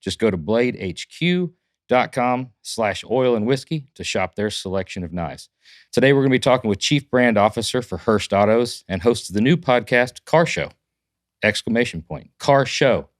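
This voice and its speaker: A man's voice: medium pitch, expressive, moderate pace, dry recording, studio quality. A man hosting a casual podcast, reading ad copy with punch and joking with his co-hosts. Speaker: podcast host.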